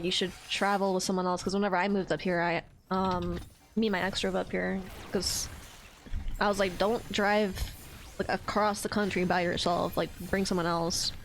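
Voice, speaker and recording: The low-quality recording has a faint hiss or hum as a young woman streamer with a fairly low voice vents casually to her viewers. Her rant is full of swearing, stumbles, and restarts.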